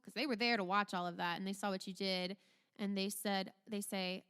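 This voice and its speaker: A woman game master narrating a tabletop game in a smooth, clear voice. Her narration is casual and loose, with fillers. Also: mid-range voice, steady tone, normal speed.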